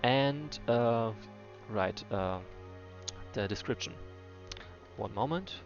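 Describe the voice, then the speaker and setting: A man's voice: mid-range voice, lively intonation, takes it slowly, long pauses. A man giving casual gameplay commentary, thinking aloud with many fillers and restarts. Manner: muses to himself, hesitant with many fillers. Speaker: game player. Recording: dull lo-fi voice with faint music.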